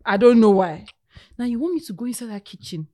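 A woman's voice: fairly high pitch, lively intonation, fast talker, warm tone. A woman co-hosting a podcast in casual chat, telling anecdotes and reacting expressively. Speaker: podcast co-host.

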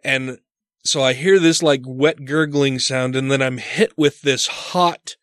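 A man telling a story in casual chat, animated and profane, acting out his own panicked voice in a home studio. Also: mid-range voice, measured pace, dry recording.

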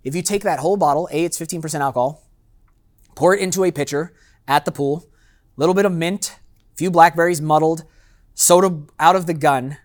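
A man's voice: on the high side, a little fast, long pauses. A man, a master sommelier, giving a loose, conversational seminar to a live audience and acting out customers' lines. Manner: loose and chatty with fillers and asides.

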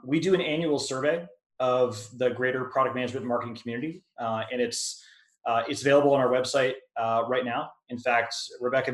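A man instructor talks through questions on a video call, loose and conversational, full of ums and restarts. His voice sits at an ordinary middle pitch. The sound has a roomy echo around it. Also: fairly bright tone. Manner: conversational, lots of filler words and restarts. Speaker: product management instructor. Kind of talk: webinar Q&A answer.

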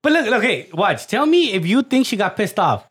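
A man co-hosting a podcast in casual banter, excitable and swearing freely as he points things out on screen. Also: high-pitched, moderate pace, husky. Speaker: podcast co-host.

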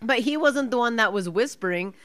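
A woman's voice: on the high side, expressive, brisk, a bit bright. A woman co-hosting a podcast, chatting casually and sarcastically with a lot of swearing and laughter while she watches a film. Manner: profane, sarcastic, laughs often. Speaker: podcast co-host. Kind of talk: casual watch-along chat.

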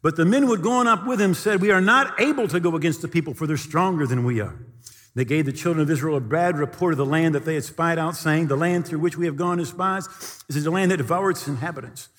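Male pastor, sermon, lively storytelling with a raised voice, lightly high, long hall reverb. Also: quick pace. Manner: animated storytelling, shouting quoted lines.

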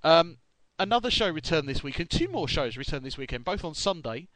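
A man's voice: on the high side, big pitch swings, fairly quick, a bit bright, no echo, poor audio. Casual male podcast co-host, rambling, self-correcting, dry close sound. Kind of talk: casual chat.

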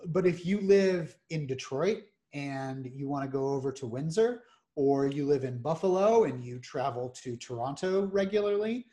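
A man hosting a podcast, explaining legal matters in measured, methodical lists. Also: on the high side, dark tone. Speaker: criminal defense attorney host.

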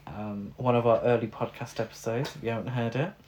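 A man's voice: mid-range voice, fairly even intonation, brisk, darkish tone. A man co-hosting a podcast, recapping a film in a wry, joking way with frequent fillers. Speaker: podcast co-host. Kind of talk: casual film recap chat.

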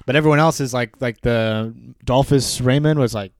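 A man co-hosts a relaxed book chat, his voice sitting in a middle register. He laughs easily and slips into passages read aloud with little voices. The sound is close and dry. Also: mid-range voice, normal speed, no room sound. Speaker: podcast co-host. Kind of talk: casual book discussion.

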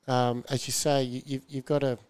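Host, smooth resonant voice, encouraging interviewer with short affirmations. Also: male voice, medium pitch, little pitch movement, normal speed, a little mellow. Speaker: podcast host. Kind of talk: interview questions.

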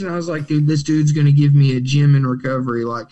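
A man's voice: fairly high pitch, flat delivery, fast talker, dark tone. A young man, a podcast guest animatedly telling his recovery story, acting out quotes and laughing often. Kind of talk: storytelling in casual conversation.

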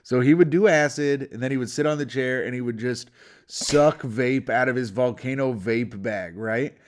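A man's voice: mid-range voice, moderate pace, slight background noise. A man co-hosting a podcast in casual chat, telling rambling, profane stories full of "like". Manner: rambling, profane storytelling with lots of "like". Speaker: podcast co-host.

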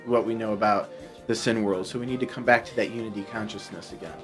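A man's voice: fairly low pitch, fairly even intonation, fast talker, over music. A man in a casual spiritual discussion, explaining earnestly with many fillers.

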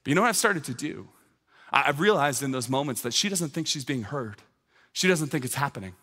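Fervent male pastor, bright reverberant voice. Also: medium pitch, animated, fairly quick. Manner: storytelling, then rising to fervent exhortation. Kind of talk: sermon. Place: church sanctuary. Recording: long hall reverb.

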